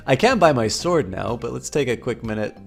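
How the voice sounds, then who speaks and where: A man's voice: mid-range voice, vocal fry. A man streaming a game live and chatting playfully with viewers at his desk mic.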